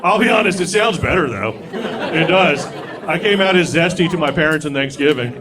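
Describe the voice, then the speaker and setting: Young male comic, high voice, self-mocking stand-up, live club audience laughing. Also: normal speed, very noisy. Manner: animated, self-mocking delivery. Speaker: stand-up comedian. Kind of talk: stand-up set. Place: comedy club stage. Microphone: stage mic. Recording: live club recording with crowd.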